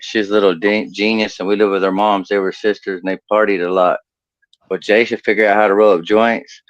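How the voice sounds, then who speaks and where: A man with a fairly low voice rattles off crude stand-up jokes and chuckles at his own punchlines. The sound is dry and dull, like a video call feed. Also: level tone, fairly quick, dry recording. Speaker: stand-up comedian contestant. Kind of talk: stand-up comedy set.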